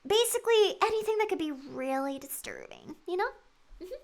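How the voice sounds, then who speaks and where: A woman streaming a game live, chatting excitably with her viewers and swearing freely. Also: extremely high pitch, moderate pace.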